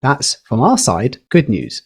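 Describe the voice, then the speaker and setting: A man on a podcast, explaining communication skills in a lively, teacherly way with a few fillers. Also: mid-range voice, a little slow, breathy edge. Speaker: podcast guest, communication educator. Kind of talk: explaining, casual podcast chat.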